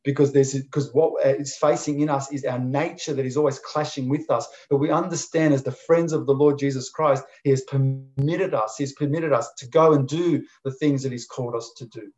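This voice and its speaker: A man preaching a sermon, emphatic and deliberate, driving points home with repetition. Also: mid-range voice, darkish tone, muffled recording. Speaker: pastor.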